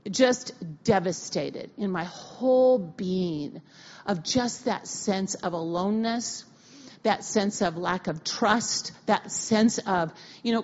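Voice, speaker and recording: A middle-aged woman pastor giving a conversational sermon, telling a personal story in a lively, casual way with slang and restarts. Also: medium pitch. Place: church sanctuary. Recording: dull, lo-fi audio of a church talk.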